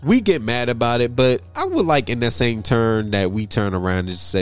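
A man co-hosting a casual chat, talking in an earnest, measured way and restarting phrases. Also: mid-range voice, sing-song.

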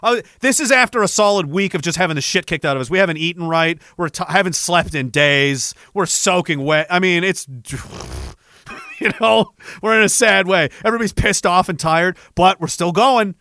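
Man, twenties, veteran storyteller, profane and self-mocking, high bright voice, dry close sound. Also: normal speed, dry recording. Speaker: military veteran telling a story. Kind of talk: casual storytelling.

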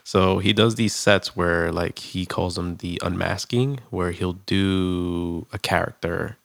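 A man's voice: sits low, steady tone, takes it slowly, vocal fry, a bit bright, dry recording. A man co-hosting a casual podcast, laid-back and chatting with dry remarks. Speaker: podcast co-host. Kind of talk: casual chat.

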